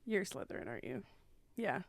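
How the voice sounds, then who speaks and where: A woman's voice: medium pitch, big pitch swings, brisk, dry recording. Bubbly young woman, dry close mic. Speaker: podcast co-host. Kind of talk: casual chat.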